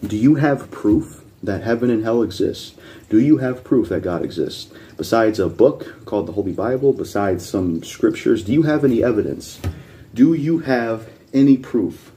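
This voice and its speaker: Reacting to videos on his channel, a man rants with blunt, heavy swearing and keeps pressing his points insistently. The pitch is fairly low, the tone dark, the pace moderate.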